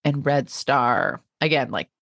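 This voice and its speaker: Low, lively woman podcast co-host. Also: takes it slowly, creaky, dry recording, clean studio sound. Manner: expressive, lively, laughs often, reads quotes aloud. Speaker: podcast co-host and literary agent. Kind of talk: casual podcast chat.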